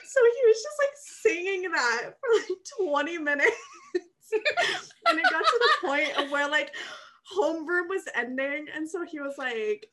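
A young woman co-hosting a podcast, telling a story in casual chat, animated and laughing often as she acts out quotes. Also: high-pitched. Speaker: podcast co-host.

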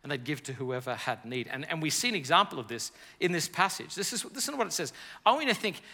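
A man preaching a sermon to a live audience, lively and storytelling, with jokes. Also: on the high side, quick pace. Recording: reverberant church hall.

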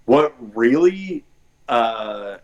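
A man's voice: medium pitch, very animated, extremely slow, dull audio. A man chatting casually on a podcast, rambling with lots of filler words. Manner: rambling, many fillers like "like" and "or whatever". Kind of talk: casual chat.

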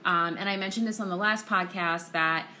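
A woman's voice: on the low side, fairly even intonation, moderate pace, a loud crowd. A woman co-hosting a casual travel podcast, candid and self-deprecating as she talks. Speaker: podcast co-host.

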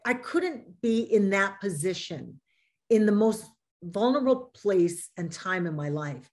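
Woman telling stories with animated energy. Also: medium pitch, measured pace. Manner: animated storytelling, many fillers. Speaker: panel guest. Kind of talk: casual panel discussion.

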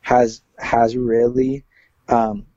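A man's voice: mid-range voice, flat delivery, very slow, mellow, dry recording, lo-fi sound. A man who is a worship leader, speaking earnestly in a casual interview, with many fillers and restarts.

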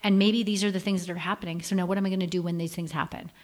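A woman's voice: fairly low pitch, steady tone, rapid-fire, a little mellow. A middle-aged woman telling her story frankly on a podcast, acting out quotes as she goes. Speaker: podcast guest. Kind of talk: candid podcast conversation.

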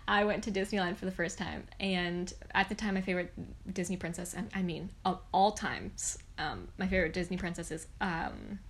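A young woman co-hosting a casual podcast chat, telling an animated story and acting out what she said back then. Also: on the low side, normal speed, slightly rough. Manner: animated storyteller who acts out her past self. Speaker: podcast co-host.

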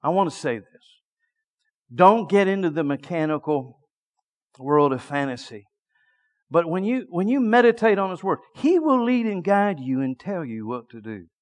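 A middle-aged male preacher telling a story in a sermon, dropping to a hush and then shouting. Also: a little high, moderate pace. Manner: lively storytelling that swings from hushed to shouting.

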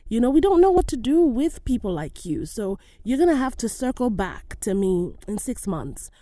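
A woman voicing a smooth-talking, condescending female talent agent who talks in a patronizing way. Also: a little high, sing-song, moderate pace, warm tone, no room sound. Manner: patronizing, sweet then blunt.

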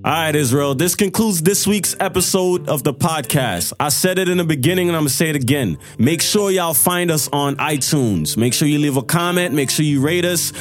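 A podcast host wrapping up the episode with brisk promotional reminders. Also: male voice, fairly high pitch, faint music behind. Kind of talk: podcast outro.

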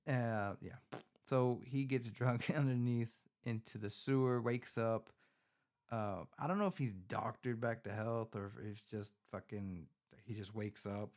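A man's voice: mid-range voice, measured pace. Profane, rambling man recapping a movie. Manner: profane, rambling, animated storytelling. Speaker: podcast host. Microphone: phone.

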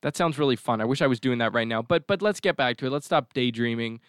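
A man's voice: mid-range voice, fast, a bit bright, clean tone, no room sound, studio quality. A man hosting a podcast, talking in a rambling, jokey, digressive way. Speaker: podcast host. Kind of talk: casual chat.

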